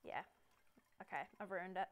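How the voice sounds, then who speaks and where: A woman's voice: fairly low pitch, moderate pace. A woman co-hosting a live cocktail show, asking lots of questions, making fun of herself and giggling. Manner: questioning, self-mocking, giggly. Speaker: co-host learning to make cocktails. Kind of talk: casual live-stream chat.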